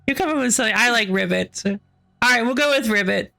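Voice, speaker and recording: A woman streaming a game with excitable, giggly commentary that breaks into panicky shrieks. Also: a little high, unhurried, gravelly, pauses often. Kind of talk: live gameplay commentary.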